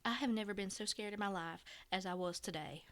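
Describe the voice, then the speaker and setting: A woman reads a listener's story on a chatty podcast. Her voice is bright and clear, with a smooth, crisp tone. She keeps her delivery blunt and a little profane. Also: medium pitch, a little fast. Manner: bantering, profane, dry jokes. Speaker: podcast co-host. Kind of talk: casual chat, reading a listener story aloud.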